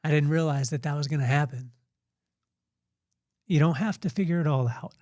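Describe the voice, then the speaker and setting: A man in his forties, a podcast host, talks through a heartfelt personal reflection, halting often with fillers and restarts, his voice tearful. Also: fairly high pitch, dark tone, no room sound, clean studio sound. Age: 40s.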